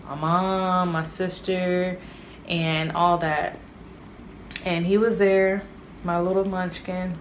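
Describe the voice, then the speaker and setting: A woman's voice: lowish voice, a little hiss or hum. A young woman, chatting animatedly and straight to her viewers in a casual storytime vlog. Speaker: vlogger.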